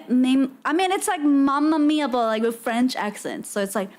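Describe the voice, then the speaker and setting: A woman's voice: high voice, normal speed, few pauses, a little mellow. A woman streamer chatting casually with her audience in a playful, giggly way and trying out words aloud. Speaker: streamer host. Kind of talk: casual live-stream chat.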